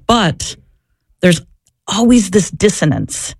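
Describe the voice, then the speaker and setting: A woman's voice: on the low side, animated, normal speed, vocal fry, no room sound, studio quality. A woman and former social worker answering interview questions, telling her story in an earnest, reflective way. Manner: earnest, reflective, searching for words.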